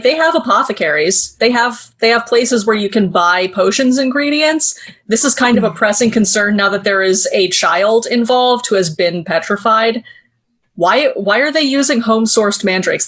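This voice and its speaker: Woman guest, fairly high voice, earnest and questioning. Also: expressive, normal speed, fairly bright tone. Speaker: podcast guest. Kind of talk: casual podcast chat.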